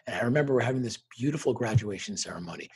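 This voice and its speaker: A middle-aged man with a very husky, breathy voice and a steady pitch. He talks earnestly and reflectively as an interview guest, and he livens up when he quotes the people in his stories. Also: rapid-fire. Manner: earnest, reflective, animated when quoting others. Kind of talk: conversational interview storytelling.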